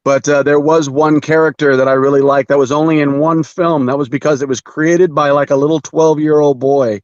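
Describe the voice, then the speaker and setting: A man as a guest in a casual chat about comics, talking haltingly with many fillers and frequent chuckles over a video call. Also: fairly high pitch, steady tone, dry recording. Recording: dull dry video call audio.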